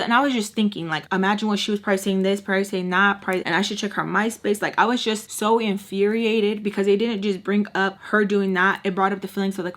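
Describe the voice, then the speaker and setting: A woman telling a personal storytime while doing her makeup, talking emphatically and peppering it with "like", heated and dramatic as she recounts it. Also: mid-range voice. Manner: emphatic, heavy use of "like". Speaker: beauty vlogger.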